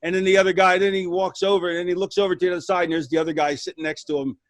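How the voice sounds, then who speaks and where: Guy with a high voice telling long rambly stories, super dry close sound. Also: rapid-fire, dry recording. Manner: rambling, restarts, lively retelling with voices. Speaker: retired wrestler guest. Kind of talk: casual storytelling.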